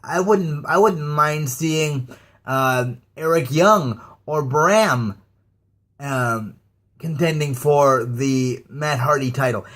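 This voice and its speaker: A man with a fairly high voice delivers a casual rant to his viewers. He talks slowly, stopping and stammering, his words full of fillers and restarts. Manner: slow, halting, with many fillers and stammers. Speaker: YouTube ranter.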